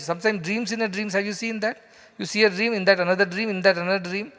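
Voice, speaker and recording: A man with an Indian English accent delivers a spiritual lecture in a conversational, storytelling way, often turning to the audience with questions. His voice sits high for a man. The sound carries a long reverb from a large hall. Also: steady tone, quick pace, pushed and bright. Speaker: spiritual teacher. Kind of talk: scripture lecture to a live audience.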